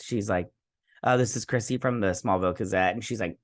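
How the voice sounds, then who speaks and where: A man with a fairly low, fast voice hosts a casual episode review. He retells scenes in a rambling way, tossing in snarky asides and plenty of "she's like" quotes.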